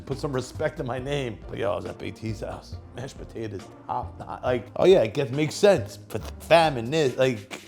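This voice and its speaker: A man's voice: fairly high pitch, darkish tone. A man, telling crude, rambling stories as he hosts a comedic cooking show, laughing at his own jokes.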